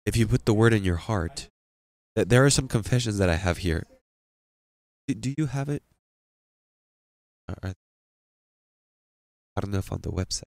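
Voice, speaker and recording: A man's voice: on the low side, expressive, normal speed, vocal fry, pauses often, darkish tone, no echo. A man preaching a sermon as pastor, emphatic and questioning his congregation.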